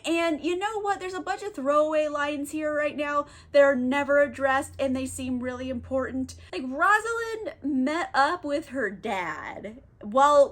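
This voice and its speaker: A woman recapping a play in a casual comedic way, rambling, exasperated and laughing, high. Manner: rambling, exasperated, laughing, acts out quick character voices. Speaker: book reviewer.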